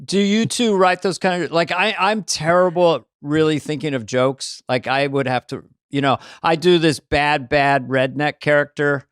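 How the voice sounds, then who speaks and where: A man's voice: on the high side, fairly even intonation, normal speed, hardly any pauses, clean tone, dry recording, studio quality. A man hosting a podcast, chatting casually in a rambling, self-deprecating way. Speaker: podcast host. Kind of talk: casual chat.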